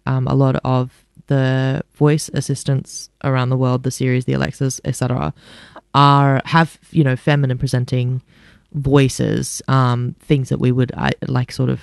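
A woman's voice: very deep voice, flat delivery, a little slow, vocal fry, clear, resonant tone, no echo, clean studio sound. A woman co-hosting breakfast radio, speaking candidly with many fillers in casual chat. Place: radio studio.

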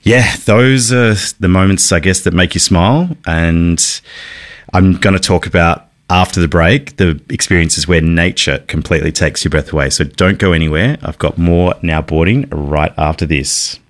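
A man hosting a radio travel show, chatting casually about his trips in a relaxed, rambling way. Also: sits low, moderate pace. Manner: relaxed, rambling with fillers and restarts. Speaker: radio host.

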